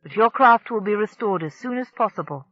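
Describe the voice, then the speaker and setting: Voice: mid-range voice, lively intonation, a little fast, dry recording, lo-fi sound, pitched above the performer's own voice, lightly acted. The narrator voicing a reassuring, patient female starship mind in an audiobook. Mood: promising. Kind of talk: audiobook character voice.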